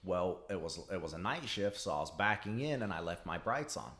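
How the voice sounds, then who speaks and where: Young guy, lowish voice, cussing a lot while he tells a work story, acts out the quotes. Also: brisk. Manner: profane, animated storyteller who acts out quotes. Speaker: podcast guest. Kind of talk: casual storytelling.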